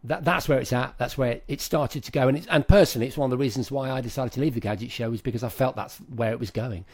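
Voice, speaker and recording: A man's voice: mid-range voice, fast, a little mellow. A man co-hosting a tech podcast, speaking like an enthusiastic presenter. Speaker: podcast co-host. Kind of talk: casual chat.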